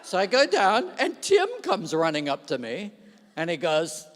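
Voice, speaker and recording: A man at an awards event telling an animated anecdote, acting out the other people's lines and laughing along. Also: sits high, a little slow. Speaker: award speaker. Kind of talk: storytelling speech. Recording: long hall reverb.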